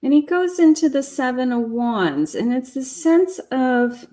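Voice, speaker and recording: A woman reads tarot cards live for her viewers. Her voice sits a little high, and she talks to them in a chatty, encouraging way. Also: expressive, measured pace, warm tone. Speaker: psychic tarot reader.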